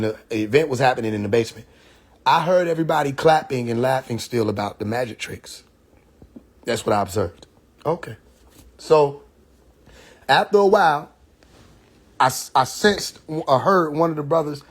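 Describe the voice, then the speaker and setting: A man, hosting a casual livestream monologue, storytelling animatedly and mimicking mocking voices. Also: mid-range voice. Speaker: livestream host. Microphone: phone or computer mic on a live stream.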